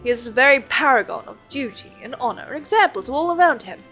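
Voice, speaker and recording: A woman's voice: sits high, expressive, fast, a bit bright, soft background music, poor audio. A woman voicing an earnest young nobleman in an attempted French accent, speaking in a formal, old-fashioned way. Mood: indignant.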